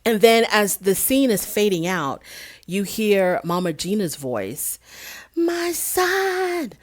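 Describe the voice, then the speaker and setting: Animated woman retelling reality TV drama. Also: on the low side, unhurried. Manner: animated storytelling, acts out quotes. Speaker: reality TV recap host. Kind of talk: casual recap monologue.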